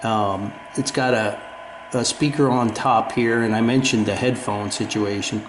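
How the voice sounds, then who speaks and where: A man's voice: fairly low pitch, steady tone, unhurried, background noise. An older man with a New Jersey accent chatting casually in his home radio room, rambling and poking fun at himself with plenty of fillers and restarts. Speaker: ham radio video host. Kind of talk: casual show-and-tell chat. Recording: echoey room.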